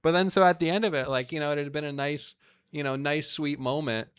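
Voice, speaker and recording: A man in his thirties tells stories in a casual, animated way and slips into the voices of the people he quotes. His voice sounds smooth and resonant. The recording is close and dry, with no room sound. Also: on the high side, fairly quick, dry recording. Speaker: podcast guest, comedian. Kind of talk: casual storytelling.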